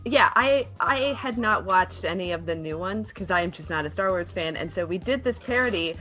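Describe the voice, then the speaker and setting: A woman chatting casually, telling stories in an animated way with some swearing. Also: fairly low pitch, moderate pace, soft background music. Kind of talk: casual chat.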